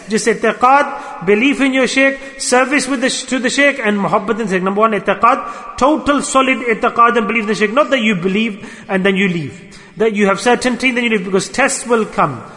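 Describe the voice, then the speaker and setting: Earnest male preacher with a high voice, repeats lines for emphasis, long hall echo. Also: sharp tone. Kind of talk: storytelling sermon.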